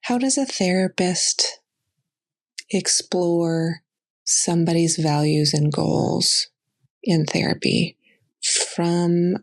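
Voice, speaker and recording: A podcast host asking thoughtful questions in a casual, conversational way. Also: medium pitch.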